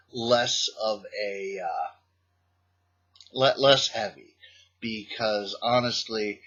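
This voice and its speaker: A man telling playful stories in a casual vlog about his teaching days, animated and a little halting, with frequent restarts. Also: fairly low pitch, husky, dull audio. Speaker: vlogger, former teacher in Japan.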